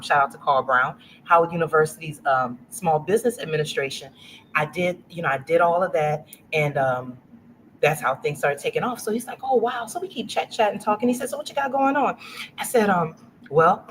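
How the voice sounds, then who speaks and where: In a low-quality recording with slight background noise, a woman from Louisiana in her forties, her voice on the low side, shares a casual story as a guest. She's animated and imitates the voices of the people involved.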